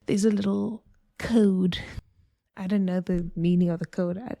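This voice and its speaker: A woman's voice: medium pitch, fairly even intonation, unhurried, vocal fry, mellow, no room sound, studio quality. A woman hosting a podcast, explaining ideas in a chatty, digressive way with homely analogies. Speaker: podcast host. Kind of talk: casual explanatory talk.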